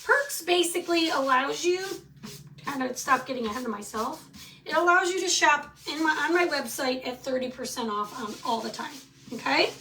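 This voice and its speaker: A woman's voice: high-pitched, animated, normal speed, pushed and bright, distant mic, slight background noise. A middle-aged woman hosting a live craft tutorial, chatty and answering viewer comments as she works. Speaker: craft tutorial host selling supplies.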